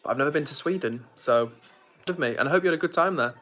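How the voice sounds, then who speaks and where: A man's voice: a little high, very fast, pushed and bright. A young man chatting casually on a live stream, reading viewer comments aloud.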